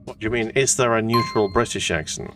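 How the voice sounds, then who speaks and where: A man's voice: fairly low pitch, brisk. A man from Wales chatting on a painting stream, hesitant and full of fillers. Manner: hesitant, many uh fillers and restarts. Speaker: guest co-host. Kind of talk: casual chat on a live stream. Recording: distant mic with faint music.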